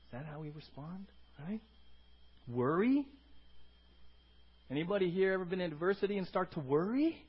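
A male pastor with a rather high voice delivers a conversational sermon. He keeps putting questions to the congregation and checking in with "right?" as he goes. The recording is muffled and lo-fi. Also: animated, normal speed, pauses often, husky. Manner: asks the congregation questions, with frequent "right?" tags.

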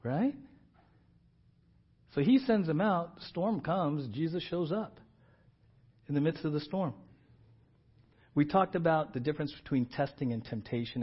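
Husky casual pastor, muffled recording. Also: male voice, fairly high pitch. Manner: casual, animated storytelling with slang. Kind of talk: sermon.

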